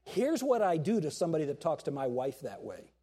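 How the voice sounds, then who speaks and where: Middle-aged male pastor, lively sermon delivery, voice sits high and swings widely, acts out quotes. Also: brisk, breathy edge. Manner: animated preaching with acted-out quotes and jokes.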